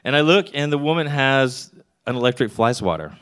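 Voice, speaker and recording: A man's voice: medium pitch, animated, brisk, fairly bright tone, clear, resonant tone. A middle-aged man from Texas telling a candid comic story to a live audience, landing his punchlines wryly. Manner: wry, candid, punchline-driven joke delivery.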